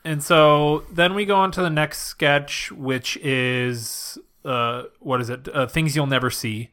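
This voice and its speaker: A podcast co-host with a slightly higher, bright and forward voice. He walks through film scenes casually, with dry, wry remarks and plenty of fillers. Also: fairly even intonation, takes it slowly. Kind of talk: casual chat reviewing a film.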